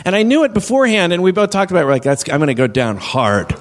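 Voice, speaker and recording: Halting, rambling male comedian host. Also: high voice, background noise. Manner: rambling, halting storyteller with many uhs. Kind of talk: comedy podcast banter.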